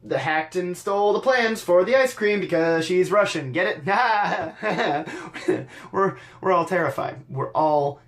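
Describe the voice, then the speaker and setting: A man's voice: sits high, animated, unhurried. A man hosting a podcast, recapping wrestling in a casual, wry, sarcastic way with frequent stammered restarts. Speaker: podcast host.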